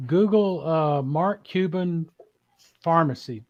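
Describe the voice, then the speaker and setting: Man, helpful, joking, video call, dull lo-fi sound, slightly high voice. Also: slow pace. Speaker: guest. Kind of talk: casual chat.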